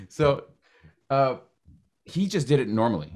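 A man's voice: medium pitch, big pitch swings, a little slow, a little mellow. A man hosting a podcast in a casual, joking chat who swears freely. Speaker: podcast host.

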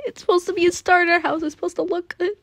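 A woman player chatting casually during a game, giggly and excitable, often breaking into loud laughs. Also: very high-pitched, quick pace. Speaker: Minecraft server player.

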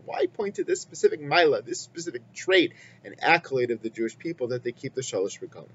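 A man giving a weekly Torah lesson in a measured, explanatory way, weaving in Hebrew quotations. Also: medium pitch, big pitch swings, a bit bright. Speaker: Torah teacher. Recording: slightly muffled with faint hum.

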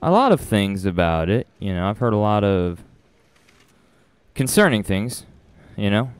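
A man's voice: lowish voice, big pitch swings, measured pace, clear, resonant tone, dry recording. A young adult man streaming a horror game, nervous and rambling, with frequent laughs and restarts. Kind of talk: live gameplay commentary.

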